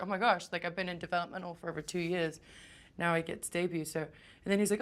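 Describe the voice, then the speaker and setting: A woman's voice: lowish voice, fast talker. Chatty young woman telling a story. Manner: chatty, lots of "like", stumbles when excited. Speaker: interviewee. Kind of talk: casual interview storytelling.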